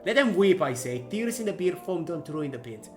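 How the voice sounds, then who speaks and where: A man's voice: fairly high pitch, sing-song, moderate pace, music in the background, pitched above the performer's own voice. A man voicing an angry, bitter bar patron in a vague made-up accent with rolled R's.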